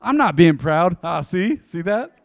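A middle-aged man preaching in a church, his fairly high voice swelling to loud emphasis and then dropping to near whispers. He talks to the congregation in a folksy, direct way. Long reverb trails off each phrase in the big sanctuary. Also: a little slow, creaky. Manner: animated, swings between loud emphasis and quiet intensity. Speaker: pastor. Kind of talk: sermon.

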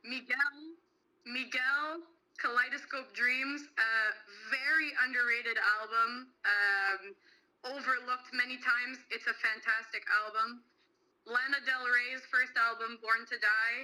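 A woman's voice: on the high side, fairly even intonation, slow pace, sharp tone, rough recording. A young woman co-hosting a podcast, chatting casually and enthusiastically about albums, with lots of "like" fillers. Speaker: podcast co-host. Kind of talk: casual music chat.

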